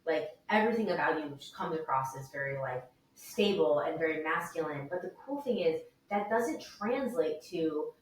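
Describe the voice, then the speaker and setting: A woman's voice: low voice, lively intonation, normal speed, hardly any pauses, distant mic. Enthusiastic woman host in an echoey room. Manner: enthusiastic, filler-heavy, laughs often. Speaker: podcast host. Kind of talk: casual podcast conversation.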